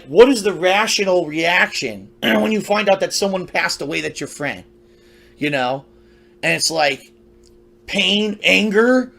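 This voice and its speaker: A high-voiced man tells a story from his past in a loose, rambling monologue. He talks conversationally, circling back with restarts and side remarks as he goes. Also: creaky, a bit bright. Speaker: storyteller recounting his youth.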